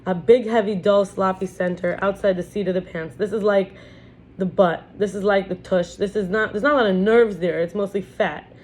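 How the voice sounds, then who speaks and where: A woman teacher gives a casual spiritual lesson, reading from a book and chatting along with frequent restarts. Her voice is medium-pitched and slightly dark, with fairly even intonation and a moderate pace.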